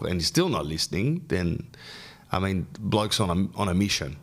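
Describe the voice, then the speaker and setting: A man's voice: low-pitched, expressive, brisk. A man hosting a podcast, giving advice in a rambling, slangy way and saying "bro" often. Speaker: podcast host. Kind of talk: casual advice chat.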